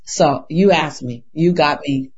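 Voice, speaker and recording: A woman's voice: low voice, measured pace, a little mellow. A woman answering in an interview with passion, asking rhetorical questions and often repeating or restarting words. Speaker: interview guest. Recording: dull lo-fi recording.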